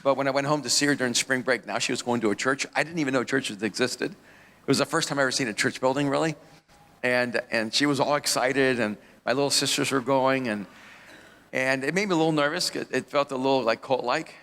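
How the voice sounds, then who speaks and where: A man's voice: mid-range voice, brisk, a bit bright, long reverb tail. A man, a pastor, telling his life story as an interview guest, rambling with restarts and laughing at himself.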